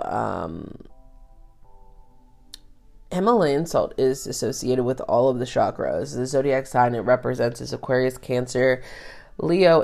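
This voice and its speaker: A woman's voice: a bass voice, creaky, a little mellow. A woman hosting a tarot podcast, talking about astrology in a casual, rambling way, full of fillers and the odd swear word. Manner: rambling, chatty, drops swear words, many fillers.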